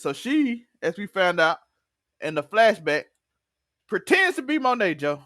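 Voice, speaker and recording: A man hosting a TV review podcast, recapping an episode in excited casual chat, laughing often and acting out characters' lines. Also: high-pitched, moderate pace, dry recording, clean studio sound.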